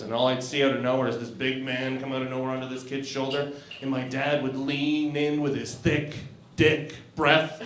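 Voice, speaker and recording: A man's voice: medium pitch, fairly bright tone. A man in his forties from Canada doing a crude, self-mocking stand-up set on a club stage, often laughing at his own jokes. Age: 40s. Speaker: stand-up comedian. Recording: roomy club echo.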